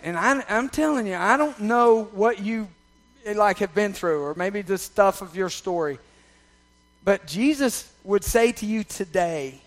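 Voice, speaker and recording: A man preaching a sermon, swinging from loud, emphatic passages to soft, confiding ones and checking in with the congregation. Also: high voice, expressive, a little slow. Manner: conversational, checks in with the audience. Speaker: pastor.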